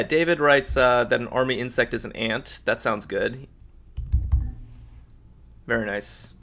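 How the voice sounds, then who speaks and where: A man's voice: mid-range voice, gravelly, a bit bright. Upbeat man hosting a live puzzle stream. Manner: upbeat, thinks aloud, reads out viewers' answers. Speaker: host of a live crossword solve. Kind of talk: live-stream puzzle solving, chatting with viewers.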